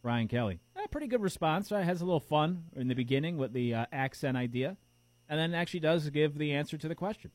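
A man's voice: fairly high pitch, expressive, quick pace, dry recording. A man hosting a sports talk show, chatty and opinionated, tossing out rhetorical questions. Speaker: sports radio host.

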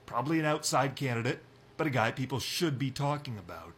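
A young man hosting a sports radio show, talking football in a brisk, opinionated way. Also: medium pitch, lively intonation, fairly bright tone, slight background noise. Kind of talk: casual sports talk.

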